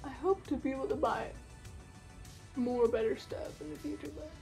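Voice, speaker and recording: A woman's voice: sits high, fairly even intonation, normal speed, gravelly, a little mellow, faint music behind. A young woman with a sick, stuffy voice, chatting casually while doing her makeup. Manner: chatty, self-deprecating, rambling. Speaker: beauty vlogger. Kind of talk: casual makeup tutorial chat.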